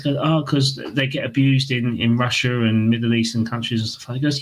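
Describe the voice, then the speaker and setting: A man's voice: mid-range voice, fairly quick, few pauses, poor audio. A man, a podcast co-host, chatting casually and retelling comedy scenes. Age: 30s. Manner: relaxed, retells comedy scenes in put-on voices. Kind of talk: casual chat.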